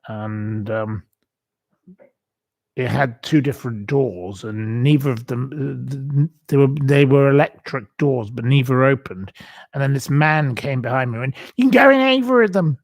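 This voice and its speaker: A man's voice: medium pitch, fairly even intonation, a little slow, darkish tone, no room sound. A man hosting a casual livestream, rambling and chatty with many ums and asides. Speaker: host.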